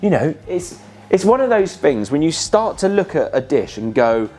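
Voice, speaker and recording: A young man, a chef explaining recipes in a chatty, animated way and swearing casually. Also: fairly high pitch, normal speed, faint music behind.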